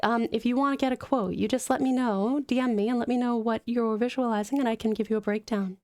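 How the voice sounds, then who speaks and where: Aussie lady streamer doing a soft smooth mum voice, sweet and doting, pitched a bit high. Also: fairly quick, hardly any pauses. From Australia (Tasmania). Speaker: streamer and artist. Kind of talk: live-stream chat, thanking viewers.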